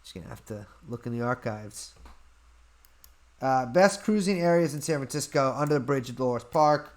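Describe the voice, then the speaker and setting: A man hosting a casual livestream, reading out chat questions and answering them in an offhand, deadpan way at a desk mic. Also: medium pitch, moderate pace. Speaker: podcast host answering chat.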